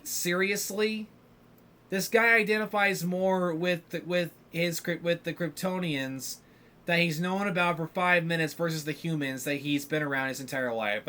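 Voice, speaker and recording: A man's voice: fairly high pitch, pushed and bright. A man hosting a podcast, ranting in casual solo commentary with lots of filler words and restarts. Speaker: podcast host.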